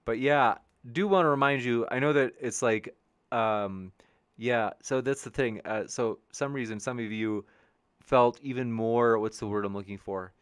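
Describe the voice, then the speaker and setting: A man's voice: medium pitch, normal speed, smooth, no room sound. A man hosting a debate show live stream, reading viewer comments in a rambling, upbeat way, with many restarts. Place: home studio with a backdrop sheet behind.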